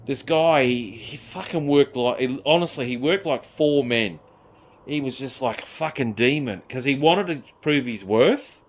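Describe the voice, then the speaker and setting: A man's voice: mid-range voice, slight background noise. Swearing streamer guy. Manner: rambling, swears often, says "mate" a lot. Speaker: gaming streamer. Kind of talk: casual chat while gaming.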